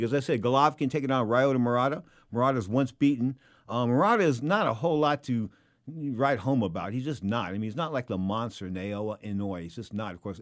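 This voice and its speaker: Fast-talking, rambling boxing host, man. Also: medium pitch. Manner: rambling, animated, with many restarts and asides. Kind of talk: casual talk show monologue.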